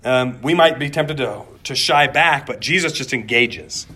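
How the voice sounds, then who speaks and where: A man's voice: mid-range voice, a little slow, bright, forceful tone. Man, pastor, conversational sermon, stumbles over repeated words, rhetorical questions.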